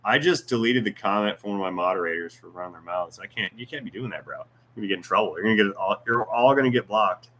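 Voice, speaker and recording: Speaking fast with few pauses, this man has a fairly low pitch and a fairly bright tone. He's a YouTube channel host doing a relaxed livestream Q&A, reading out viewer comments while joking, teasing, and wandering off on tangents.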